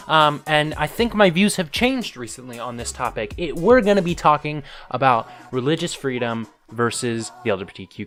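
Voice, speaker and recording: Young man, news vlog host, ranting, animated, fairly high voice, faint music behind. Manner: animated, ranting, frequent fillers. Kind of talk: casual news commentary vlog.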